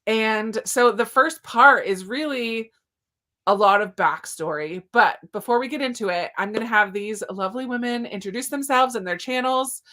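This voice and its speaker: A woman's voice: on the high side, normal speed, pushed and bright. A woman hosting a live book discussion over a video call, welcoming viewers in an eager, chatty way with plenty of fillers. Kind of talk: casual live-stream chat.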